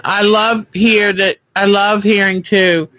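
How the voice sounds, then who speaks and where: A man hosting a quilting livestream, chatting gently and reassuringly while he sews at home. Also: high-pitched, little pitch movement, slow, background noise. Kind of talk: casual chat while sewing.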